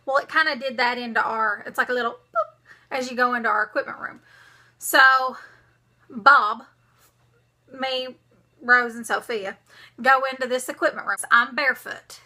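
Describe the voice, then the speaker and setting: Bright-voiced young woman. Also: on the high side, normal speed, long pauses. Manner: dramatic, animated storytelling addressing viewers. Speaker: vlogger. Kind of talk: storytime vlog.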